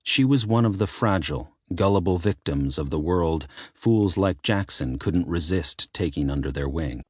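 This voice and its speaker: A man narrating a dark romance audiobook in a measured, dramatic reading. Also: sits low, expressive, husky, no echo, studio quality. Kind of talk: scripted narration.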